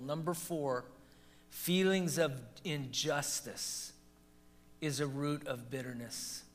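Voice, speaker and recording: A man who is a pastor, teaching a Bible study and telling lively stories with a laugh. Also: mid-range voice, takes it slowly. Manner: animated storytelling, laughs at his own anecdotes. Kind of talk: teaching and discussion.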